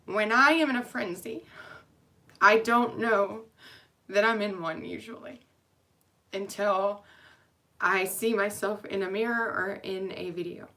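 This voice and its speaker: A young woman talks straight to her friends and family in a personal vlog, open and emotional, drifting between thoughts with plenty of ums. Her voice is bright and clear, sitting at a middle pitch. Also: measured pace, long pauses. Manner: candid, rambling, emotional, frequent um fillers. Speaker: nurse.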